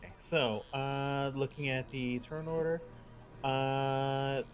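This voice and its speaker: A man running a tabletop game as game master, relaxed and halting with plenty of fillers. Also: medium pitch, faint music behind.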